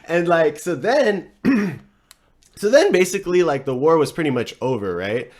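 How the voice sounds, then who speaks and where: A man's voice: on the high side, sing-song, moderate pace, darkish tone. A man hosting a podcast, retelling a story casually in a rambling, profane way, with many fillers and frequent chuckles. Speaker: podcast host.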